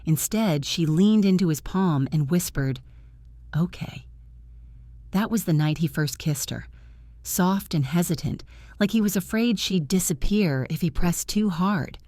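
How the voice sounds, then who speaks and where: A woman narrates a dramatic romance story in an even, storytelling manner. Her voice is lowish, and the recording is close and completely dry. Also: normal speed, no echo.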